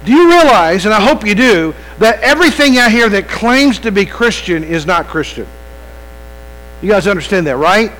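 A man's voice: sits high, animated, moderate pace, fairly bright tone, poor audio. A man preaching an evening sermon, talking conversationally, restarting phrases and putting questions straight to the congregation. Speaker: pastor. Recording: mains hum behind.

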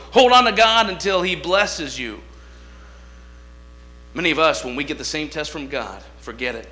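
Fired-up guy preaching, kinda high bright voice, yells then goes quiet, does voices for the people in his stories, bit of hum behind. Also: lively intonation, normal speed. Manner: impassioned, swings between shouting and hushed asides; acts out dialogue in different voices. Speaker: guest preacher. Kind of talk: sermon.

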